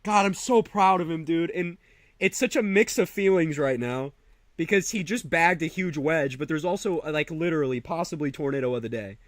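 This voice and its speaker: Male stream host, higher pitch, dry close sound, emotional and profane commentary. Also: expressive, normal speed, no echo. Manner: emotional, profane, repeats himself. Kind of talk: live storm coverage commentary.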